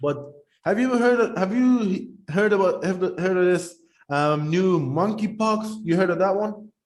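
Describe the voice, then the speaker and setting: High-voiced rambling man on a podcast. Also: moderate pace. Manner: rambling, animated, talks while eating. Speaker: podcast co-host. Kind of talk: casual chat.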